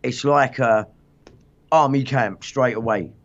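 A man's voice: medium pitch, slow, vocal fry. Agitated man on a dull stream. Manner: agitated, swearing, rambling retelling. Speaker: livestream host. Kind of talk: casual chat.

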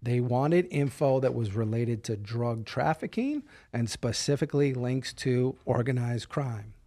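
A middle-aged man on a podcast tells a story casually and with animation, acting out the dialogue. He has a medium pitch and takes his time.

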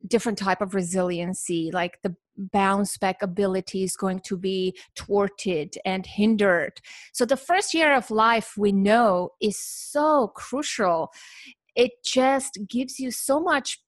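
A woman talking as a guest on a podcast, measured, explaining with examples and lists. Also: medium pitch, no echo.

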